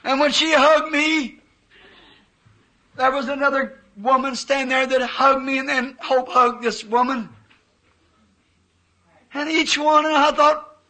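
A male preacher delivers a fervent, emotional sermon in a very high, bright voice. He speaks slowly, drawing out his testimony and acting out the quoted voices of his vision. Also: low-quality recording.

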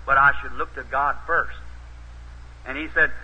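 A man's voice: on the high side, lively intonation, normal speed. A male preacher telling a story in a sermon, folksy and homespun, rising into emphatic urging. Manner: folksy, rises to emphatic exhortation. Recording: dull, husky old tape recording.

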